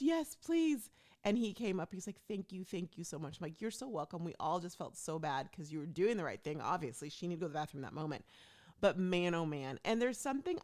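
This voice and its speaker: Woman host, low-pitched, very animated storyteller, chatty. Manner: chatty, animated, acts out quoted people. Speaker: podcast host telling a travel story. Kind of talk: casual storytelling monologue.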